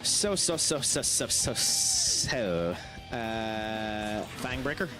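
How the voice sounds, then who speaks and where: An Irish gaming streamer talks with his viewers while playing, laughing a lot and cursing as he reacts. His voice runs fairly low, with wide pitch swings and stretched-out words. Game music plays behind him.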